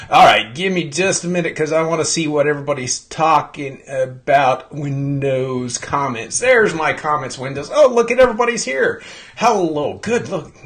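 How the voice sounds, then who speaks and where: A man hosting a live stream, his throat clogged from pollen. He talks in an excitable, rambling way and greets viewers one by one. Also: a little high. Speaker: host.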